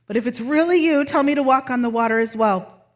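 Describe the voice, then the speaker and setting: A woman's voice: on the high side, fairly quick, pitched above the performer's own voice, close to an everyday voice. A woman preacher voicing a frightened fisherman disciple in her sermon, urgent and pleading.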